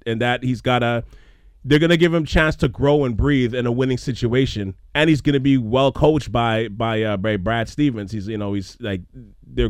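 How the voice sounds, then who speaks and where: A man breaks down sports as a co-host, earnest and hedging as he reasons things through. His voice sits at a middling pitch. The sound is dry and close, with no room around it. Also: dry recording. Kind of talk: casual sports talk chat.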